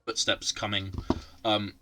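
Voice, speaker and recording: A man's voice: lowish voice, flat delivery, slow, bright, forceful tone, faint music behind. A man running a tabletop game from home, narrating with many ums and restarts. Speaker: game master.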